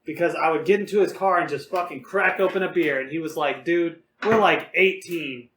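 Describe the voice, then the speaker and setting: A young man with a high, light voice tells rowdy stories on a podcast, swearing freely and laughing as he goes. He sounds loose and unpolished, and his voice rings in an echoey room. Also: fast talker, fairly bright tone, a little hiss or hum. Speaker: podcast co-host. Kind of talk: casual storytelling.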